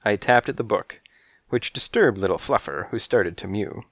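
A man narrating a children's mystery audiobook in the first person, with measured, dry storytelling. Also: fairly low pitch, lively intonation, fairly bright tone, dry recording.

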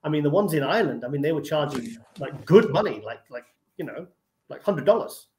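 A man chatting quickly with a slightly raised pitch. He rambles through his stories and keeps restarting his sentences. His voice echoes around the room. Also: lively intonation, darkish tone, a little hiss or hum. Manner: rapid, rambling, lots of "I mean" restarts. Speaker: guest, tour organizer. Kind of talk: casual storytelling chat.

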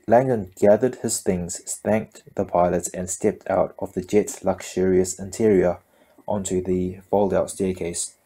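A man's voice: low voice, warm tone. A man reading a novel aloud, often tripping over words and correcting himself. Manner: stumbling, frequent self-corrections. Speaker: amateur audiobook reader.

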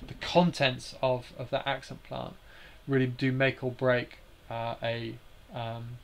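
A man's voice: mid-range voice, monotone, slow pace, creaky. A man hosting a live stream, explaining slides in a hesitant way with many fillers and restarts.

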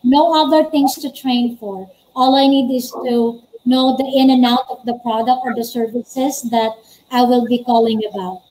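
Higher-pitched woman explaining. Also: steady tone, normal speed, dark tone, a little hiss or hum, poor audio. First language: Filipino. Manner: practical, explaining step by step. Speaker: guest, former call center agent. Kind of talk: interview answers on a live stream.

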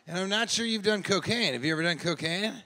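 A man doing improvised stand-up crowd work, teasing people in the audience, laughing often and shouting out punchlines. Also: sits high, quick pace, noisy background. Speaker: stand-up comedian. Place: live comedy club.

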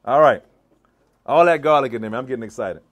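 This chef speaks quickly in a mid-range voice, his Maryland accent marking him as from the DC and Maryland area. Leading a live cooking demonstration in a church hall, he keeps things playful, quizzing the crowd through call and response.

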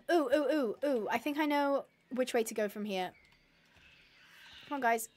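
A woman with a high-sitting voice streams a game live at a moderate pace, offering running gameplay commentary. She chats away and pokes fun at herself while talking to her animals.

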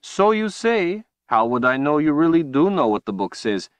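A man voicing a cruel, menacing male tyrant wizard in an audiobook, speaking slowly and tauntingly. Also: on the high side, very animated, smooth, dry recording, pitched above the performer's own voice. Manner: slow, taunting, drawn-out delivery. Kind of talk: audiobook character voice.

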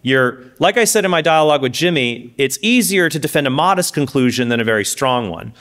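A man giving a lively lecture at a conference, with quick asides and self-corrections. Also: mid-range voice. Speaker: speaker giving a conference talk. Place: conference stage before an audience.

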